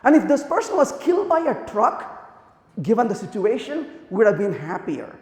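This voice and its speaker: A man giving a conference talk, telling lively anecdotes and acting out the dialogue in them. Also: very high voice, moderate pace. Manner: animated storytelling, acts out quoted dialogue. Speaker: conference speaker. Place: large conference hall. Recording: echoey hall, long reverb.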